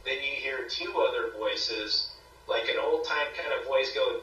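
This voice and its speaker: A man guest on a paranormal talk show, casually retelling an investigation in a rambling, animated way and acting out quoted voices. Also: medium pitch, normal speed, roomy sound, far from the mic, lo-fi sound, faint music behind. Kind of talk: casual interview storytelling.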